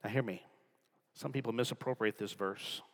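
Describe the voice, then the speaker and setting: A man preaching a sermon to a congregation, dropping to hushed whispers and rising to loud, emphatic passages. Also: mid-range voice, normal speed. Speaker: pastor. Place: large church with balcony. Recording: long hall reverb.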